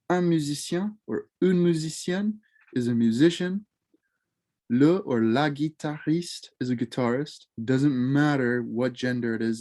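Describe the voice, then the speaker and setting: A man's voice: medium pitch, darkish tone. A man in a mid-range voice leads a casual French club lesson. He says each French word twice and then glosses it in English. His delivery is loose, with fillers and small self-corrections along the way.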